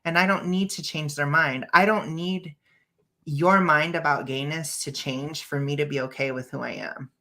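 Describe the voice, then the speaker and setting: A woman's voice: low-pitched, fairly even intonation, normal speed, sharp tone. A woman hosting a casual reaction stream over a video call, blunt and opinionated, often breaking into laughs. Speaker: stream host.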